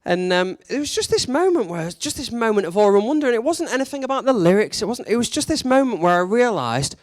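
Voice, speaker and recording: A man's voice: very high voice, very animated, quick pace, few pauses, no echo. Male preacher, conversational sermon delivery, rhetorical questions, dry and upfront. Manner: conversational and candid, with rising emphatic questions.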